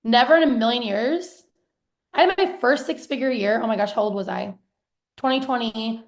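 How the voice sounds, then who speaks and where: A woman in her thirties, hosting a live stream as a business coach, pitching her program and reading out viewer comments in an excited, chatty way with casual swearing. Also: normal speed. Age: 30s.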